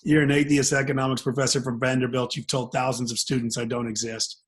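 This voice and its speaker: A man's voice: medium pitch, flat delivery, fast, slightly rough, lightly acted. A man voicing God as an amused, mocking deity in a told joke, laughing drily. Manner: dry, wry and laughing. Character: amused, mocking male God speaking from the heavens.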